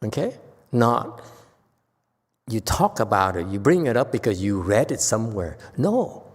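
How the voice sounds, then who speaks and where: Animated, blunt man lecturing in a hall. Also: fairly low pitch, a little slow. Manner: animated, teasing, blunt, laughs often. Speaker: Buddhist master lecturing. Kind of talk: Dharma lecture. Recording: long hall reverb.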